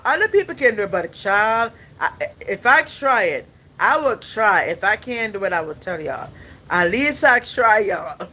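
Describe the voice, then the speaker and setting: Young man, podcast host, casual rambling chat, swooping animated pitch, slow delivery. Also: low-quality recording. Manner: rambling, playful, laughs often, addresses viewers directly.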